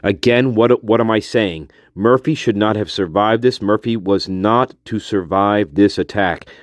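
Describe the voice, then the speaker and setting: A man's voice: fairly low pitch, measured pace, no echo. A man hosting a livestream, ranting angrily and profanely into his phone, repeating his points over and over. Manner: angry, profane, repetitive. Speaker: livestream host. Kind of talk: livestream rant.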